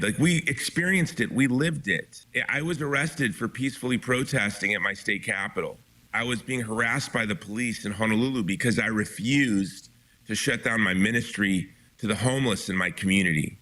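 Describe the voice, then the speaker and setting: Forceful low-voiced man, urgent and emphatic. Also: moderate pace. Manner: emphatic, urgent, with frequent restarts. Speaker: guest author. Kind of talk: impassioned interview talk.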